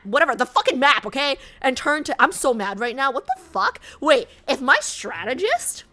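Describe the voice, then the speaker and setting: A woman's voice: on the high side, pushed and bright. A woman streaming herself reading a game story aloud. She reacts in brash, profane, indignant outbursts.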